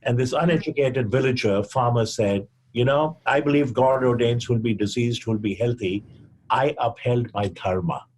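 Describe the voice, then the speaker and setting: An older man from India tells his story slowly and carefully, giving each quoted speaker a voice of their own. His voice is breathy and husky at a middle pitch. He speaks as a physician guest on a podcast. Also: a little mellow. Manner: measured storyteller who acts out quoted dialogue.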